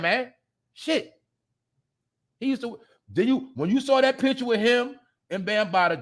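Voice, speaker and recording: A man hosting a show, ranting bluntly and profanely at his viewers, swinging between loud outbursts and low mutters. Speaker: podcast host. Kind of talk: casual profane commentary.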